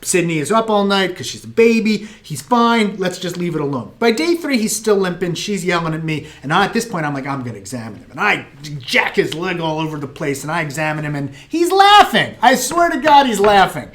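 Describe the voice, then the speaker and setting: A middle-aged American man hosting a live viewer Q&A, telling stories in an animated, self-mocking way. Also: high voice, brisk, hardly any pauses. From United States. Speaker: host answering viewer questions. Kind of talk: live Q&A chat.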